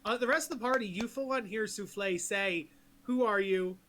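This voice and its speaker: A man with a high, bright voice runs a tabletop game as its game master. He is easygoing and laughs often, patiently explaining how things work to his players. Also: fairly quick, a little hiss or hum. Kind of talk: running a tabletop game online.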